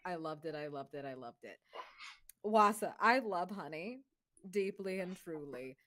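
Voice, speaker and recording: Bright gushing woman player. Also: fairly low pitch, lively intonation. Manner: gushing, fast rambling praise with many fillers. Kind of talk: casual post-game chat.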